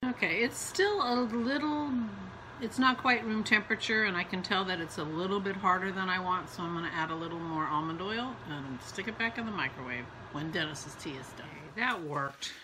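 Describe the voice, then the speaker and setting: A woman's voice: lowish voice, brisk, noisy background. A woman vlogging casually at home, chatty and self-mocking, thinking aloud as she works. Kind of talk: casual vlog narration. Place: home kitchen.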